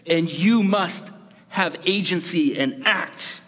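A man's voice: high-pitched, takes it slowly, fairly bright tone, slightly rough, voice pushed up, full character voice. A man voicing God as a fatherly male counselor, pleading urgently with a tempted man. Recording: long hall reverb.

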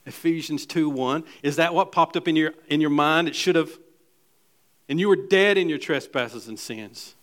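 A man with a somewhat high-pitched voice delivers a sermon to his congregation. He moves between soft, hushed stretches and loud, fervent surges. He reads scripture aloud with strong emphasis. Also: normal speed. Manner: preaching with swings from hushed to loud. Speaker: pastor.

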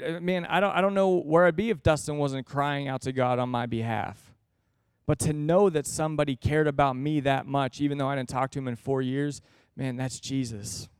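A man's voice: mid-range voice, darkish tone, clear, resonant tone, no echo, clean studio sound. A man in his thirties preaching a sermon in an earnest, conversational way, acting out everyday exchanges.

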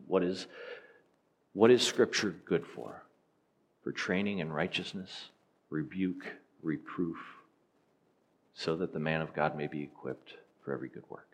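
A man's voice: sits low, animated, moderate pace, husky. A man preaching a sermon, teaching in an earnest, emphatic way and asking rhetorical questions.

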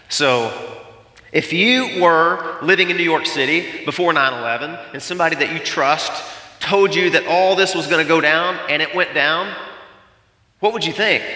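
Bright-voiced preacher in an echoing hall. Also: male voice, fairly high pitch. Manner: conversational preaching, acts out quotes, rhetorical questions. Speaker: pastor. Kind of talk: sermon. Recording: echoey hall with long reverb.

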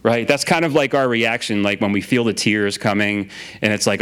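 A man's voice: lowish voice, expressive, normal speed, a bit bright. A man preaching a sermon in a casual, conversational way, often repeating his phrases and using filler words. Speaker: pastor.

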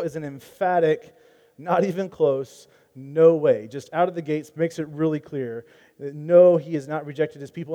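A man's voice: fairly high pitch, dark tone. Earnest man preaching a sermon. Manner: earnest, emphatic preaching with rhetorical questions. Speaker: pastor.

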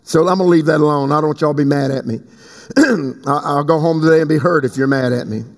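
High-voiced preaching man in a reverberant church. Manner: preaching with sudden pitch leaps and slow emphatic stretches. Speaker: pastor. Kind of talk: sermon. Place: church sanctuary. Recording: long hall reverb.

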